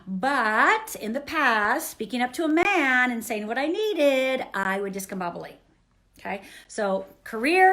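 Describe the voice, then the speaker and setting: A woman's voice: high-pitched, unhurried. Earnest woman coaching directly to camera. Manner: earnest, animated, asks the listener "right?". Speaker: self-help coach.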